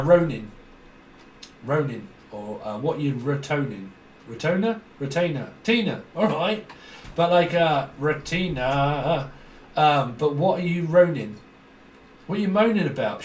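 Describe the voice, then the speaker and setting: A man's voice: fairly high pitch, slight background noise. Jokey man, roomy and distant. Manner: freewheeling, jokey, laughs often. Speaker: tarot reader. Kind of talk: rambling solo tarot reading. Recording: roomy echo from a distant mic.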